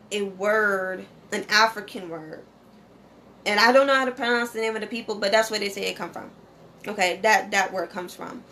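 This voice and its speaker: Speaking in a mid-range voice with a bit of brightness, a woman hosts her channel and addresses viewers in a casual, direct way. She often checks in with "okay?" and peppers her talk with "you know."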